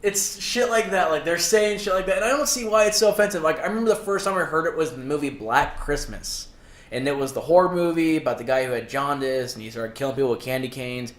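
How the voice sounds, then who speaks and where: A man's voice: fairly high pitch, quick pace. Laughing, foul-mouthed man in a roomy echo. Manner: crude, swears freely, laughs often. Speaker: podcast co-host. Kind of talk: casual chat.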